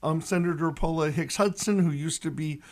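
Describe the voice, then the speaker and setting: A high-pitched man in his sixties with a lilt talks on the radio as a pastor. He tells his stories with animation and raises his voice sharply for the punchlines. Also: normal speed. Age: 60s. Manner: animated storyteller who shouts the punchlines. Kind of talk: radio reflection and joke telling.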